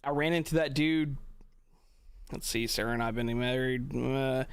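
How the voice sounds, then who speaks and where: A man's voice: medium pitch, normal speed, slight background noise. A man telling long rambling stories in casual chat as a streamer, swearing freely and laughing often.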